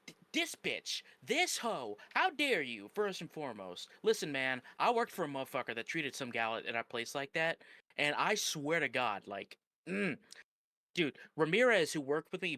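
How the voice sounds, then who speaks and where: A man's voice: on the high side, sharp tone, no echo. A man reacting live on a stream, ranting in a heated, profane way.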